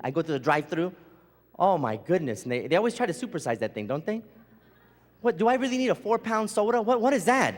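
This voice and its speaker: Animated high-voiced male stand-up comic. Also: fast. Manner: animated storytelling, acting out his wife's lines. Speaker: stand-up comedian. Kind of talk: stand-up comedy set. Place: large theater stage. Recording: live hall reverb, faint ambience.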